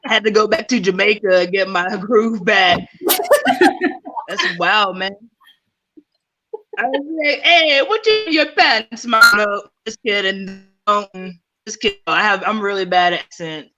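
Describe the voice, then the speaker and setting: Bright-voiced woman doing loose stand-up on a call. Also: mid-range voice, expressive, unhurried, pauses often, rough recording. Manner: rambling, laughing, swearing, loose and playful. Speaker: stand-up comedian. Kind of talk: casual stand-up on a video call. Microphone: video call.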